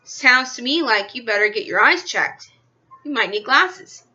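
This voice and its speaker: A woman reading a storybook aloud and voicing a kind mother who calmly comforts her daughter. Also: a little high, measured pace, highs cut off, exaggerated voice. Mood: gentle. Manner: soft, reassuring. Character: calm, kind mother of a young girl.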